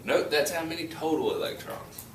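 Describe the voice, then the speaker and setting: A man teaching a high school chemistry class, joking and teasing his students as he explains. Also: lively intonation, normal speed, background noise. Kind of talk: classroom lecture. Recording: echoey classroom from a distance.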